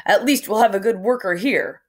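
A woman reading aloud, voicing an angry, blustering male ship captain who shouts his complaints. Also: mid-range voice, moderate pace, close to an everyday voice. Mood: gruff. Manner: shouting, indignant.

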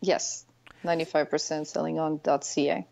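A woman with a French Canadian accent, French being her first language, talks as a guest in a relaxed interview. Her voice sits fairly low, and she pauses now and then to find the right English word. The audio is dull and lo-fi. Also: vocal fry. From Quebec City, Canada. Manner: friendly, hesitant, searching for words. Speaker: guest, online seller. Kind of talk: casual podcast interview.

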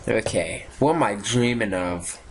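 A young man giving casual, sarcastic commentary while playing a game, swearing often and reacting out loud. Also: fairly low pitch, unhurried, a little hiss or hum. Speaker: gaming YouTuber. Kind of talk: casual let's-play commentary.

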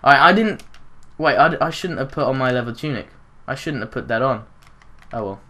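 Young man, gaming YouTuber, rambling excitable commentary with gasps and giggles. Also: mid-range voice, normal speed. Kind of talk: casual gameplay commentary.

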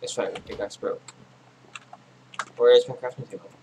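A man chatting casually to himself as he plays a video game, rambling from one thing to the next. His voice sits at a middling pitch and has gone slightly hoarse. Faint keyboard typing can be heard in the background. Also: fairly even intonation, moderate pace, darkish tone, a little hiss or hum, low-quality recording. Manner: rambling, talks to himself while playing. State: losing his voice. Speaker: gaming channel host. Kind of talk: casual gameplay commentary.

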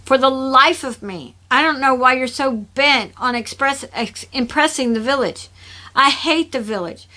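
A fiercely proud young woman, bitter and defensive, her voice bright and on the high side, as a woman reads her lines. She keeps everyone at arm's length. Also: a little slow. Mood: exasperated.

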